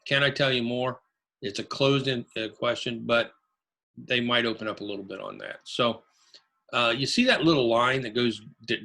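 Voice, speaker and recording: A man with a bright, forceful voice teaches a live online class. He hammers home his key phrases and repeats them, coaching his listeners in an emphatic way. His pitch sits in the middle for a man. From Ohio. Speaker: real estate investing instructor. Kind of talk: webinar teaching.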